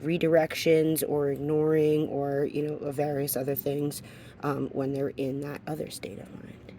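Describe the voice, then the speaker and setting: A woman with a low, deep-set voice works as a dog trainer in a hands-on demonstration. She explains steadily and cuts in with short, firm commands to the dog. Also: level tone, a little slow, dark tone, slight background noise.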